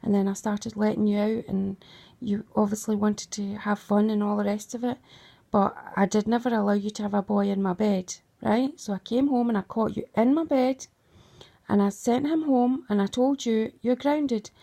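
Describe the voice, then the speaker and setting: A woman's voice: medium pitch, fairly even intonation, normal speed, vocal fry, dark tone. A middle-aged woman, recounting grievances to her daughter in an emphatic, accusing way. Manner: accusing, emphatic, keeps asking "right?". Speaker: mother. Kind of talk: emotional recounting monologue.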